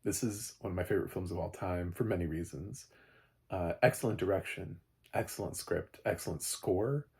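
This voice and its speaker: A man with a low, gravelly, husky voice talks through a film review in a loose, casual way. He rambles and restarts, and his voice jumps up sharply when he gets animated. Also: moderate pace.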